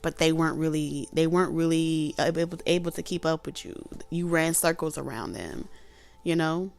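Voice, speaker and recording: A woman's voice: deep voice, moderate pace, creaky. A woman giving a casual tarot reading, chatty and colloquial, laughing often and acting out what people might say. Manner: animated, laughs often, acts out quoted voices. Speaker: tarot reader.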